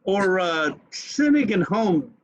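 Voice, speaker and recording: A man's voice: sits high, sing-song, slow pace. Joking, cursing male podcast host. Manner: loud, joking, swears freely. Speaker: podcast host, trivia quizmaster. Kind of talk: casual bar-room chat. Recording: dull lo-fi recording.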